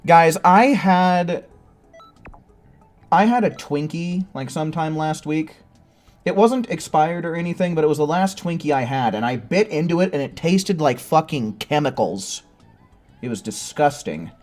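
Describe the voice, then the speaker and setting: A male streamer talks loosely to his chat over a game session, cursing now and then. His voice sits a little on the high side, with quiet music in the background. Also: lively intonation, normal speed. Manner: chatty, swears casually, sings silly improvised tunes while waiting. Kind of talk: casual live-stream gaming chat.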